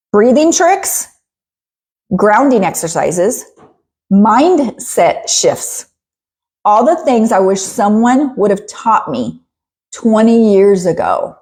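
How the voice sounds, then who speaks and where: A middle-aged woman hosting a podcast in a casual, chatty monologue, animated and laughing often. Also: mid-range voice, slow, pauses often. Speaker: podcast host.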